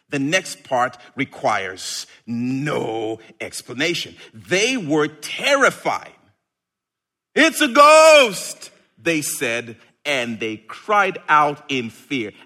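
Bright-voiced, animated male preacher. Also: on the high side. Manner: animated, playful, with sudden shouted bursts. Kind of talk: sermon.

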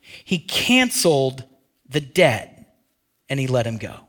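A man preaching a sermon in a conversational way, asking his listeners questions and dropping to a hush on key phrases. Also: mid-range voice, big pitch swings, slow. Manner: conversational, asks the audience questions. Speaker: pastor.

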